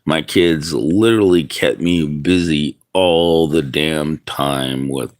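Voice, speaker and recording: Low-pitched male streamer, unhurried, rambling chat, outdoors. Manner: rambling, musing aloud. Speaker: livestreamer. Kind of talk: casual livestream chat. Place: outdoors in the wind.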